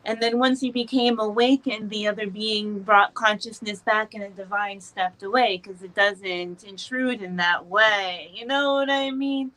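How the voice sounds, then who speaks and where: A woman co-hosting a podcast in casual chat, expressive, laughing often and swearing freely. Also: medium pitch, a little slow, few pauses, low-quality recording. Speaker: podcast co-host.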